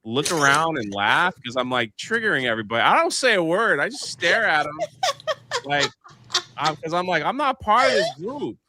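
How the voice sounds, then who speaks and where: A man's voice: a little high, moderate pace, a little hiss or hum. A man hosting a casual live panel show, telling a story and acting out the voices in it. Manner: animated, acts out the voices in his anecdotes.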